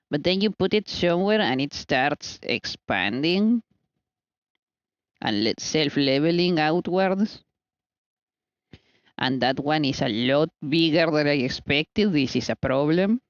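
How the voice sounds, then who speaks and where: A woman's voice: sits low, expressive, slow, dry recording, muffled recording. A woman streamer chatting casually while she bakes, playful and teasing with exasperated asides.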